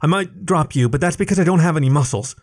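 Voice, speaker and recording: A man's voice: on the high side, fast, pitched above the performer's own voice, natural voice. A man voicing an anxious, sarcastic young male cat fresh out of college, reading it as a storybook. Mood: panicked, apologetic. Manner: exasperated and sarcastic.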